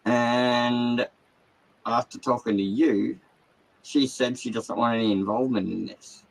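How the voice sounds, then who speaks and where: A man's voice: medium pitch, steady tone, a little slow, gravelly, low-quality recording. An Australian man hosting a casual livestream, ranting with heavy swearing from his caravan. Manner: agitated, heavy swearing, rambling. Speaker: livestream host.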